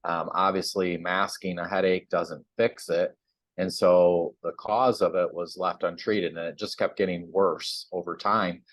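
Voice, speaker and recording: A man's voice: low voice, a little slow, no room sound. A man, a chiropractor guest on a sponsored TV segment, chatting casually and acting out the voices in his own story. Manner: animated storyteller, acts out quotes.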